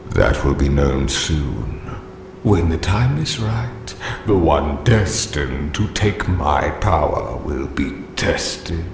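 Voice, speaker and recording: An actor voicing an ancient male flame spirit in a game, speaking in a slow, solemn, old-fashioned way as he judges others. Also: very deep voice, very animated, full character voice. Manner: solemn, archaic, slow and grave. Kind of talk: game voice acting. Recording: echoey with loud background noise.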